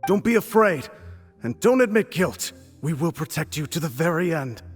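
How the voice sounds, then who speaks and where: An actor playing a protective male ally in a game, calm and reassuring. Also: a little high, normal speed, in a large hall, faint music behind. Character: protective male ally addressing his lady.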